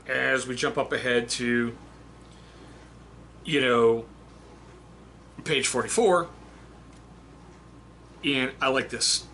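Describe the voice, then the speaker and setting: A man's voice: medium pitch, lively intonation, extremely slow, vocal fry, long pauses, bright, forceful tone, a little hiss or hum. A man, an Army veteran, giving a blunt, chatty book review and reading passages aloud. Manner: blunt, chatty, swears casually. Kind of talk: casual spoken book review.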